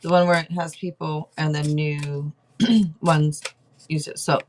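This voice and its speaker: A woman's voice: sits low, level tone, a little slow, a little mellow, a little hiss or hum. A woman hosting a casual livestream tarot reading, chatty, thinking aloud and laughing often. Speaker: tarot reader host.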